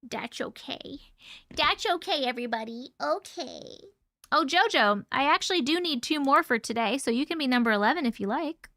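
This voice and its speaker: A woman chats casually with her livestream viewers, reading their messages aloud and swearing now and then. Her voice sits high and bright, though it sounds strained and worn out. The sound is dry and close, with no room around it. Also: animated, moderate pace, dry recording. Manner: chatty, swears casually, reads chat aloud. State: strained, fading voice.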